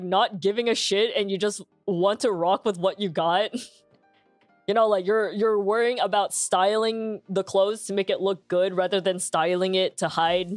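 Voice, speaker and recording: A woman's voice: mid-range voice, no room sound. A young adult woman streaming, chatting candidly with lots of fillers and laughs, in a full, grounded speaking voice. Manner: relaxed and candid, many fillers, laughs often. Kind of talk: casual chat stream.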